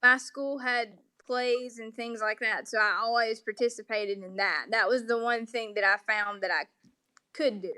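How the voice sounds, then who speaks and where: A woman's voice: a little high, steady tone, normal speed, pushed and bright. A woman with a Southern accent, a polite guest explaining things patiently with frequent "um" fillers. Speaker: interview guest. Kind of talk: remote interview conversation.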